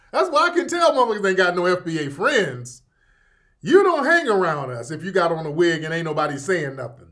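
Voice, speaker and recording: A man with a high-sitting voice hosts a live talk show at a moderate pace, laughing and mocking as he comments. He then moves into animated ad reads plugging products.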